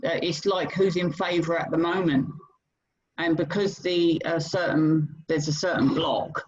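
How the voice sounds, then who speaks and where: A British man co-hosting a casual chat show, hesitant, with many pauses and repeated words. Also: a little high, fairly even intonation. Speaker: co-host. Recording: dull lo-fi sound.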